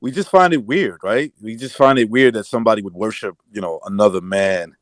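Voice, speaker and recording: A man's voice: lowish voice, a little fast, no room sound, studio quality. A man on a casual podcast, laid-back and chiming in with muttered agreement. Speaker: podcast co-host.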